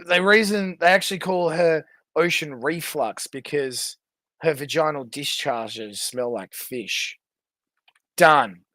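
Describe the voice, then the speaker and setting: A man's voice: a little high, a bit bright, no echo, clean studio sound. A man streaming, giving profane, mocking running commentary on clips and ranking people. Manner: profane, mocking, laughs often. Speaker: streamer ranking online personalities. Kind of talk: casual crude live-stream commentary.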